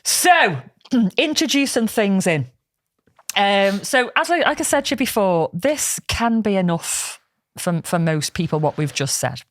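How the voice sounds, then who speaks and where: A woman's voice: mid-range voice, very animated, measured pace, no room sound, clean studio sound. A woman co-hosting a podcast in frank, laughing casual chat. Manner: chatty, laughs often, frank. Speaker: podcast co-host.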